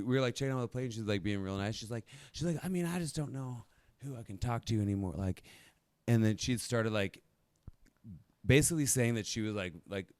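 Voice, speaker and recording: A man co-hosting a podcast, telling a story in an excitable, profane, casual way. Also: on the low side, clear, resonant tone, dry recording. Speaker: podcast co-host.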